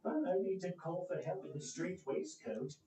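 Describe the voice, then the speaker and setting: A man performs a solo theatrical story, animatedly playing every character with big swings in his fairly high voice at a normal speed. Echo from a spacious hall fills the recording.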